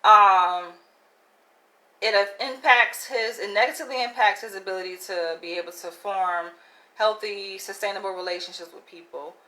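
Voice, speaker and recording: A woman's voice: mid-range voice, steady tone, moderate pace, bright, forceful tone, low-quality recording. A woman vlogging casually, telling a story candidly with lots of "like" and "right?" asides and frequent laughs.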